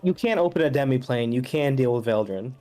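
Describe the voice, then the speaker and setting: Fast talking player in a tabletop game, mid pitch, music faintly behind. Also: lively intonation, mellow. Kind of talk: casual tabletop play.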